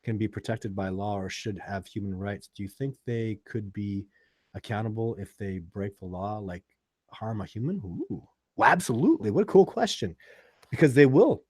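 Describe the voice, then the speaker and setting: A man with a Canadian accent hosting a live stream, reading out viewer questions and answering them in a casual, excitable way. He jumps from loud enthusiasm to quiet musing. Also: on the low side, normal speed, breathy edge, dry recording, studio quality.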